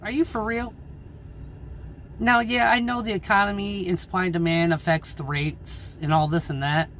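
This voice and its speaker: A man who drives his own truck, ranting angrily and swearing in a casual vlog about low freight rates. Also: steady tone, a little fast, a bit bright, slight background noise. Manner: angry, swearing, frustrated. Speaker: owner-operator truck driver.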